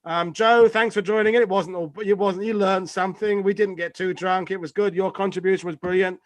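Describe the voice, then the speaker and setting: A man's voice: high voice, fairly even intonation, brisk, dry recording. A man hosting a live online history chat, rambling and joking, with casual swearing, on a video call.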